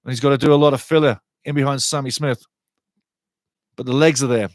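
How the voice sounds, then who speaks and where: A middle-aged man hosting a live match watchalong, commentating on play and chatting with viewers in a lively, excitable way. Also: fairly quick, dry recording, studio quality. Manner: excitable, chatty, rises in pitch and volume on attacking play. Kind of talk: live fan commentary with chat reading.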